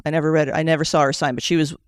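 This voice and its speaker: Woman, emotional storyteller, animated, dry close sound. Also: deep voice, rapid-fire, no echo. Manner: animated, jumps into quoting herself and others; tears up while telling it. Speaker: session participant sharing a story.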